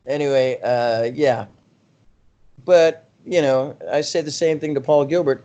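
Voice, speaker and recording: A middle-aged man, a rock singer as a guest, telling rambling, animated anecdotes in a casual interview, often laughing at himself. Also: medium pitch, a little slow.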